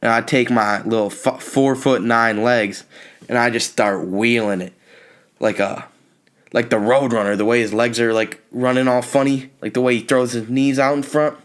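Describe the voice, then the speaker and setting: A young man hosting a podcast, telling a comic story in an animated, exasperated rant with sudden high-pitched outbursts. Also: normal speed. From California. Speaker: podcast host. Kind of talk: comedic storytelling monologue.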